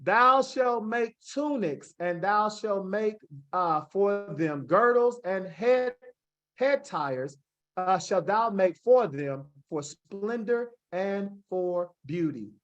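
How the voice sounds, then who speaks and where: Slow-paced man teaching a Bible lesson. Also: high-pitched, expressive, a bit bright, muffled recording. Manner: reads scripture aloud, sprinkles in "right?" checks to the class; spells out Hebrew words slowly. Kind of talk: classroom Bible lesson with slides.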